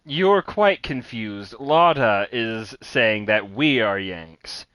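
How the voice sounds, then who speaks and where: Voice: mid-range voice, lively intonation, takes it slowly, a bit bright, no echo. A streamer giving blunt, candid live game commentary, swearing freely. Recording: stream audio with game music behind.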